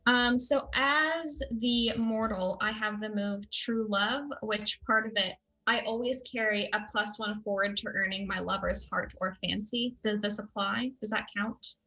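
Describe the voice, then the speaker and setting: A woman's voice: mid-range voice, fairly even intonation, measured pace, hardly any pauses, sharp tone. A woman playing a tabletop role-playing game, asking careful rules questions between giggles. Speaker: player. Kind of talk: casual tabletop play.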